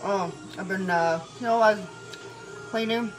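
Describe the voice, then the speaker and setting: A woman talks loosely to her camera from her bedroom, tired and meandering, swearing freely between bursts of laughter. Her voice sits at an ordinary middle pitch. Music plays loudly underneath her. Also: normal speed. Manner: chatty, profane, meandering, often laughing. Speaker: vlogger. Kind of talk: rambling casual monologue. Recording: music loud in the background. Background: music playing.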